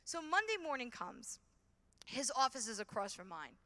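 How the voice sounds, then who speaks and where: A woman giving an animated conference talk, telling a story with many fillers and restarts. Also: on the high side, normal speed. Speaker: conference speaker. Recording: long hall reverb.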